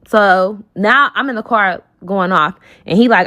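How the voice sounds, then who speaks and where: A woman's voice: medium pitch, a little slow, hardly any pauses, bright, forceful tone. A young woman telling a casual storytime, heated and profane, acting out what others said in her retelling. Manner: heated, profane retelling that acts out quoted dialogue.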